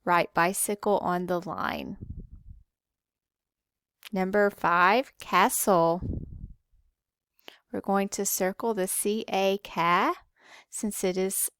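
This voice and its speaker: A woman teaching a spelling lesson, who spells words out letter by letter slowly and patiently. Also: medium pitch, a bit bright, clean tone, no echo, studio quality. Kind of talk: slow, careful spelling lesson.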